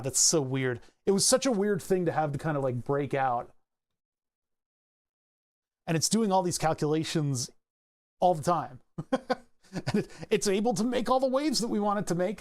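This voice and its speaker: A man's voice: on the high side, lively intonation, moderate pace, darkish tone. A man casually walking through his microcontroller code, rambling and self-correcting, laughing at himself now and then. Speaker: hobbyist electronics maker.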